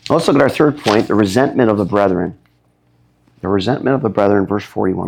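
A man preaching a sermon, emphatic, his voice rising high when he gets stirred up. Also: brisk, gravelly, a little mellow, breathy edge. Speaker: pastor.

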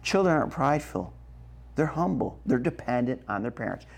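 A man preaching a sermon, slow and emphatic, checking in with the congregation as he goes. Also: mid-range voice, expressive, vocal fry. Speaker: pastor.

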